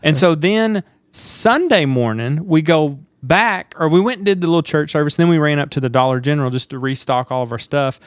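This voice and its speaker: A man telling a story on a podcast, animated and laughing as he acts out quotes. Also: fairly high pitch, fairly quick, few pauses, clear, resonant tone, no echo, clean studio sound. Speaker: podcast co-host. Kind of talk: casual storytelling chat.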